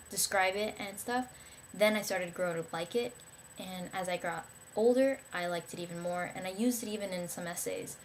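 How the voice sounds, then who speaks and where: A woman's voice: medium pitch, slight background noise. A young woman talking casually to camera about books she liked, rambling and enthusiastic, with many fillers and restarts. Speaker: vlogger.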